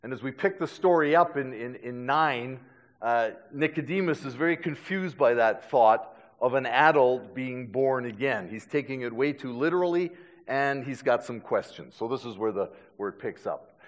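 A man's voice: medium pitch, normal speed, in a large hall. A middle-aged man preaching a sermon, telling stories with self-deprecating humor and frequent stammered restarts. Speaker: pastor.

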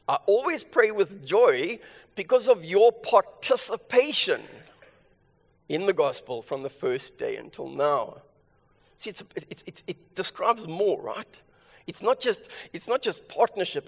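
High-voiced preacher in a reverberant hall. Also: male voice. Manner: emphatic, repeats key phrases. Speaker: pastor. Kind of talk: sermon.

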